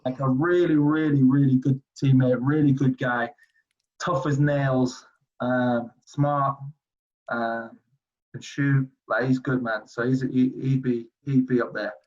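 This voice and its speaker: A man in his forties from England, telling basketball stories in a casual interview, animated and rambling with many fillers. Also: medium pitch, measured pace. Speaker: streetball player guest. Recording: dull lo-fi audio.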